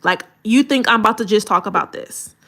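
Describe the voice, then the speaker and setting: Speaking at a medium pitch and a fairly quick pace, a woman critiques videos on a livestream to coach content creators. Her manner is direct, colloquial and animated.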